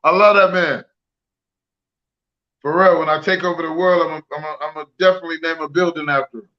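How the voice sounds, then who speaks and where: A man's voice: on the high side, steady tone, a little fast, highs cut off. A man co-hosting a podcast in casual chat, crude and joking and given to rambling. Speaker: podcast co-host.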